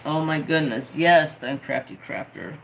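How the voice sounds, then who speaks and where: A man's voice: fairly high pitch, moderate pace, vocal fry, rough recording. A man chats casually on his diamond painting livestream and breaks off to answer viewers' comments. He tells his story with a lot of feeling and throws in the odd curse word. There's a faint noise behind him. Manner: emotional, swearing, animated storyteller. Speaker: diamond painting crafter streamer.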